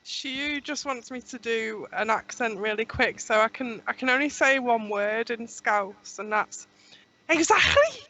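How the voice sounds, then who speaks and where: A woman's voice: a little high, unhurried, few pauses, bright, forceful tone. A woman in a casual gaming chat, giggly and teasing. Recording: dull noisy voice-chat mic.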